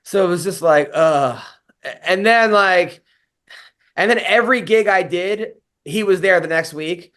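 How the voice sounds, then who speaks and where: A man's voice: sits high, a little slow, a bit bright. A man, a comedian and podcast host, telling a rambling story in casual chat, full of fillers and swearing.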